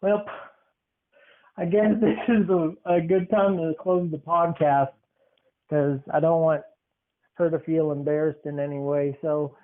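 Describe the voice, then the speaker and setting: A man's voice: fairly high pitch, steady tone, a little slow, pauses often. A young man hosting a podcast, joking and teasing as he tells stories. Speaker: podcast host. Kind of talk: casual podcast chat. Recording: tinny phone-like sound.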